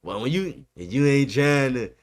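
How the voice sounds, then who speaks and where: A man's voice: mid-range voice, moderate pace. A man co-hosting a podcast, arguing about football in a casual, emphatic way. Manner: emphatic, animated, repeats "bro" often. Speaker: podcast host. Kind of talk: casual sports debate. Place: podcast studio.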